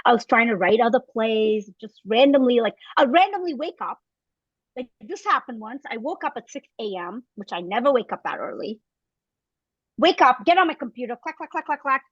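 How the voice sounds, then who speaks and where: A woman's voice: a little high, sing-song, normal speed, dry recording, lo-fi sound. A woman in her fifties, a podcast guest telling her story in casual conversation and acting out the voices of the people she quotes. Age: 50s.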